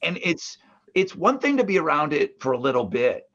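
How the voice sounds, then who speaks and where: A man from the northeastern United States co-hosting a podcast from his mother's basement, telling family stories in a casual, animated way with plenty of swearing. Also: fairly high pitch, moderate pace, lo-fi sound. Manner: animated storyteller, swears, acts out family members' voices. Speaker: podcast co-host.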